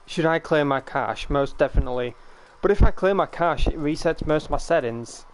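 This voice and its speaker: A man's voice: a little high, moderate pace, slight background noise. A man live-streaming a game, chatting casually with his viewers, joking and swearing freely, often repeating words as he thinks.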